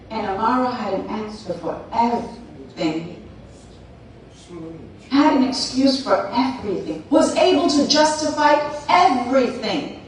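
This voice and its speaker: A woman's voice: fairly high pitch, slight background noise. A woman giving a playful motivational talk, telling a story and acting out its characters for the crowd. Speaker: speaker. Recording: echoey hall, far from mic.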